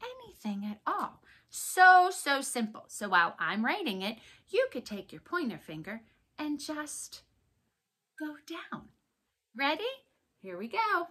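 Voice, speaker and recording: A young woman teaching letters to small children in an encouraging, sing-song way, slowing down and exaggerating her words. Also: fairly high pitch, big pitch swings, bright, forceful tone. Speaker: preschool teacher.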